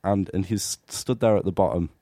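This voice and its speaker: A man's voice: deep voice, moderate pace, dark tone, dry recording, studio quality. A young man, telling a rambling, self-mocking story in casual chat and laughing often. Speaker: podcast guest telling a story.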